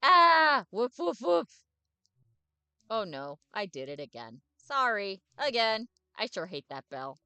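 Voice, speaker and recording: A woman voicing a cheerful, eager male dog ghost who talks loudly and excitably. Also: fairly high pitch, slow, clean tone, no echo, voice pushed up, full character voice. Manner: loud, bouncy and excitable.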